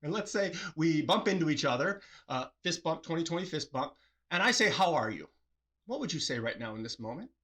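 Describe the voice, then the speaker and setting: A man hosts a reflective solo talk in a slightly high, fairly bright voice with lively intonation, speaking fairly quickly with hardly any pauses. Earnest and questioning, he asks the listener many questions and often acts out short quoted replies in a livelier voice.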